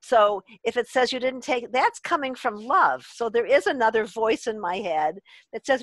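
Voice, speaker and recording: A woman leading a workshop on an online group call, lively and laughing as she acts out the voices she quotes. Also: a little high, moderate pace, no room sound. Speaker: workshop leader. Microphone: video call.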